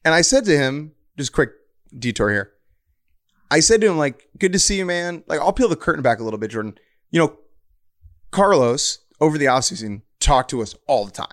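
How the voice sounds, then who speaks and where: A man's voice: mid-range voice, a bit bright. A man co-hosting a sports podcast, talking casually and animatedly, often slipping into mock quotes. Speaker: podcast co-host.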